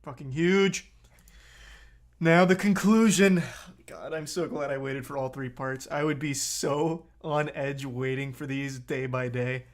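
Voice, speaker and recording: A man's voice: medium pitch, fairly even intonation, a little slow. A man reacting to a video on a live stream, blunt and profane, getting heated as he talks.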